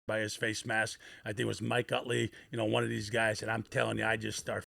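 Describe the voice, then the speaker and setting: A man's voice: on the low side, a little fast, vocal fry, no room sound, clean studio sound. A middle-aged man from Scranton, Pennsylvania, telling old football stories in casual, profane chat and acting out the people he quotes. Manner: profane, animated, acts out quoted voices. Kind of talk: casual storytelling on a podcast.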